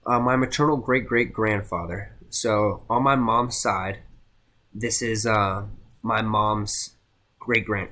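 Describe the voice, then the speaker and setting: A young man giving a casual class presentation, halting with many fillers and restarts. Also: lowish voice, sharp tone. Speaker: student presenter.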